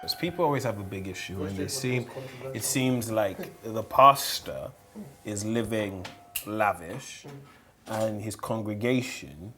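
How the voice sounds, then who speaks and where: A man's voice: lowish voice, a little slow, over music. A man on a panel talking about church, emphatic and repeating words as he builds his points. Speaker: pastor's child on a panel. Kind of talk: candid panel discussion.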